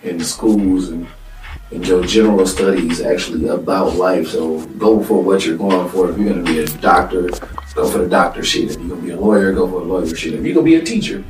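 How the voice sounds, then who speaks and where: A man's voice: low voice, fairly even intonation, a little fast. A man co-hosting a podcast, chatting casually and emphatically, repeating phrases to drive a point home. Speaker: podcast co-host. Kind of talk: casual chat. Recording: roomy, distant mic, faint music.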